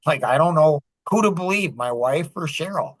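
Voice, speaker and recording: A man's fairly high, expressive voice carries a casual storytelling chat on the podcast he hosts, where he acts out quoted lines with lots of energy. He speaks at a normal speed, and there's no room sound.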